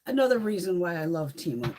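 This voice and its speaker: A woman's voice: fairly low pitch, fast, slight background noise. A middle-aged woman chatting casually and profanely on a beauty live stream, laughing often and telling stories with lots of swearing. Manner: profane, laughing, animated storytelling.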